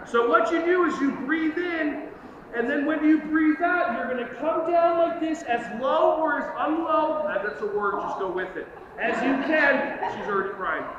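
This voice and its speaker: A man leading a live fitness workshop for teachers, energetic and joking as he coaches the group through movements. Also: very high-pitched, moderate pace, a loud crowd. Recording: echoey hall, distant lo-fi mic, noisy.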